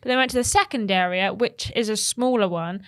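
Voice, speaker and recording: A woman's voice: mid-range voice, brisk, fairly bright tone. Bubbly woman podcaster. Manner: bubbly, enthusiastic, rambling. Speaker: podcast co-host. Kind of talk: casual chat.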